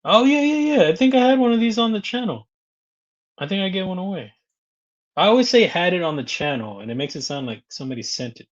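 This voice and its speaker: Talking fast in a high-pitched, sing-song voice, a man hosts a casual live stream over muffled audio. He greets viewers by name and reads out their comments, chatting away and laughing often between remarks.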